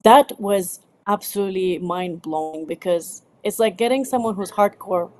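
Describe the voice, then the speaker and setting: A woman from the United Arab Emirates, a film director, answering interview questions in a lively way with frequent restarts and laughter. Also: mid-range voice, normal speed, slight background noise. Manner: animated, laughs often, many restarts.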